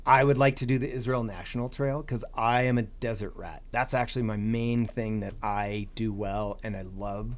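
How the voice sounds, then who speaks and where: A man's voice: on the low side, steady tone, moderate pace, few pauses. A man chatting as a podcast guest about long-distance hiking, rambling with restarts and "you know". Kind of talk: casual podcast chat.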